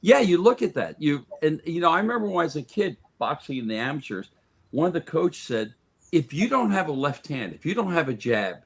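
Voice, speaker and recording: A man's voice: a little high, sing-song, fairly quick, slightly rough. A man who is a guest on a sports talk radio show, telling stories in a casual chat and often restarting and repeating words.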